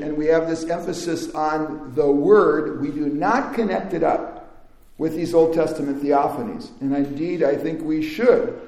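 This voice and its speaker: A man's voice: a little high, darkish tone. A man giving a lecture, reading verses aloud and then explaining them, with small restarts as he talks. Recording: echoey room.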